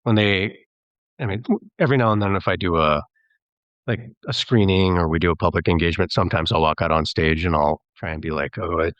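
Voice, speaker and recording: A man's voice: sits low, fairly quick, dry recording, highs cut off. A man, a filmmaker and actor, talking as a podcast guest in a chatty, rambling way and mimicking voices when he quotes people. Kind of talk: casual podcast interview.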